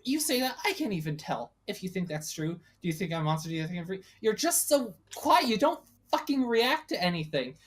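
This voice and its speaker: A bitter, volatile female monster confronts her companion, swearing heavily, as a tabletop player voices her. The voice is mid-pitched and close to the player's own. It is in-character tabletop role-play. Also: animated, moderate pace, slight background noise, lightly acted. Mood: exasperated.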